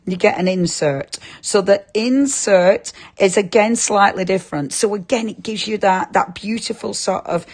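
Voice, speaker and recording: A woman's voice: medium pitch, normal speed, few pauses. A woman presenting a live craft shopping show, chatting and giggling as she reads viewer comments.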